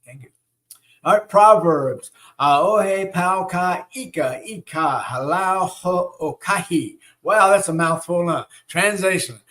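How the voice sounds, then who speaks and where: A man's voice: fairly high pitch, a bit bright. A middle-aged man with a Southern US accent, hosting a live-stream teaching and talking in a folksy, rambling way with many fillers. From Southern United States. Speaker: spiritual teacher and show host.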